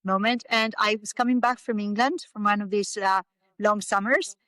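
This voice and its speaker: A woman's voice: mid-range voice, steady tone, normal speed, no echo. A middle-aged Spanish woman speaking English with a Spanish accent, a podcast guest telling stories casually with many fillers and restarts. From Spain. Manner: warm storytelling with frequent fillers and restarts. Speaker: guest, English academy owner. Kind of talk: casual chat.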